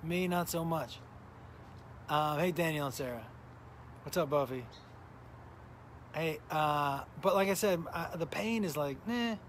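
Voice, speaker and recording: A middle-aged comedian talks in a loose, rambling way, stopping his own story to greet viewers. His voice sits a little high for a man and sounds worn and tired. A faint hum of noise runs behind him. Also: a little slow, pauses often. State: tired, recovering from illness. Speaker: comedian hosting a live smoking stream. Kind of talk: casual live-stream chat and storytelling.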